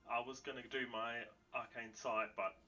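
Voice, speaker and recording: A man playing a tabletop game, talking in a relaxed, rambling way. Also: medium pitch, normal speed, lo-fi sound. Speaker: player. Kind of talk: casual tabletop game chat.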